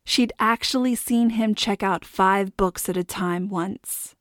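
A woman narrating a novel in a steady, expressive reading voice. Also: medium pitch, takes it slowly, dry recording, studio quality. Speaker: audiobook narrator. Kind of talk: scripted narration.

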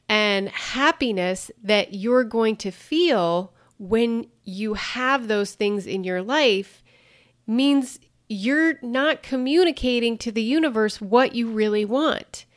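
A woman's voice: a little high, dry recording, studio quality. A woman teaching about the law of attraction, explaining earnestly with everyday examples and light laughs. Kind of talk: explanatory talk to camera.

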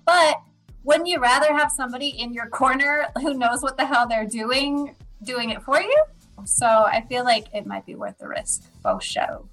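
A woman in her thirties co-hosting a casual podcast chat, telling stories in an animated way with laughs. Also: sits high, moderate pace, faint music behind, poor audio. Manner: chatty, animated storytelling with laughs. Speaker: podcast co-host.

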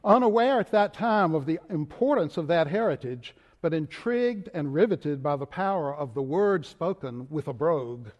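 An older man with a Southern Richmond accent, delivering a sermon from the pulpit in a measured, deliberate way. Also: a little high, expressive, a little mellow, lo-fi sound. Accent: Southern US, Richmond Virginia. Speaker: moderator of denomination preaching. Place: large church sanctuary. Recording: long church reverb.

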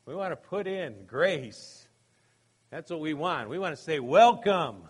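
A man on the high side, with lively intonation, a measured pace and a bit of bright, slightly rough tone, delivers a sermon as a pastor. He keeps it conversational with frequent "okay?" and "you know" and acts out quoted voices in comic stories, laughing along.

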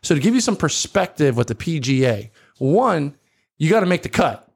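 A man's voice: a little high, sing-song, moderate pace, gravelly, breathy edge. A man with a South Jersey accent, co-hosting a casual podcast and explaining at length with frequent ums. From South Jersey, USA. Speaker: podcast co-host.

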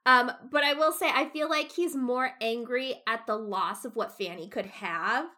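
A young woman talks through a novel in casual podcast chat. Her voice sits high and sounds bright, and she grows loud and heated when the story upsets her. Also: moderate pace. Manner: animated, frequent "like", gets loud when upset. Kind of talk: casual book discussion.

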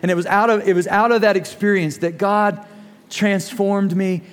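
A middle-aged man delivers a sermon in a slightly raised voice. He tells stories and acts out quotes, then slows down to press his points. A long reverb from the hall trails behind every phrase. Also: sits high, fairly even intonation. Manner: storytelling with acted quotes, slows for emphasis. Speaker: pastor.

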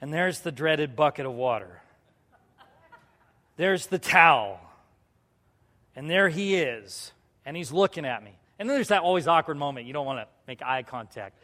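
A man, a youth pastor, giving a testimony sermon to his congregation, animated, jumping between loud bursts and hushed asides. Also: fairly high pitch, moderate pace, long pauses. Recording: long hall reverb.

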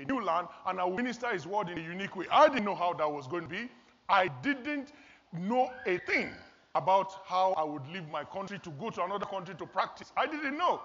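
A man's voice: high voice, pushed and bright. A man from Nigeria, preaching a sermon in an earnest, storytelling way. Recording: long hall reverb, dull lo-fi sound.

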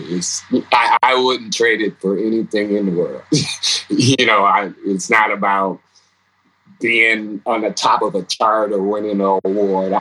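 A man's voice: fairly low pitch, a little hiss or hum, low-quality recording. A man, a guest musician, telling stories in a casual interview, laughing often and acting out what people said. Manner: animated, laughs often, acts out quotes.

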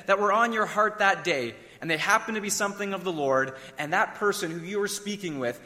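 A man's voice: fairly high pitch, sharp tone, long reverb tail. A man preaching a sermon in a conversational storytelling way, asking his listeners questions. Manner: conversational, asks the audience questions.

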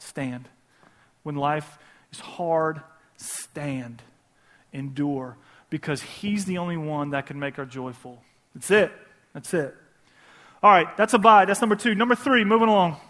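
A man's voice: on the high side, fairly bright tone. A man preaching a casual sermon, repeating key phrases for emphasis and talking directly to the audience with conversational asides.

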